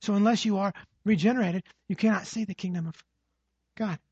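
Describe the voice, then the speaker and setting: Male preacher, husky and slightly high-pitched, emphatic teaching delivery with rhetorical check-ins, dry lo-fi recording. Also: fairly even intonation, a little fast, darkish tone, no room sound. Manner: emphatic, repeats phrases with rhetorical "right?". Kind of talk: expository sermon.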